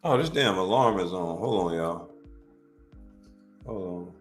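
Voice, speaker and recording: A man's voice: deep voice, lively intonation, unhurried, faint music behind. A man in his forties hosting a comedic reaction stream, brash and profane, trash-talking and laughing often. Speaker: livestream host.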